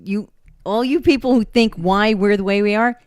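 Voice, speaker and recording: A woman co-hosting a casual chat, reacting often with interjections and quick comments. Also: medium pitch, no room sound, clean studio sound. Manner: reactive, frequent interjections and laughs.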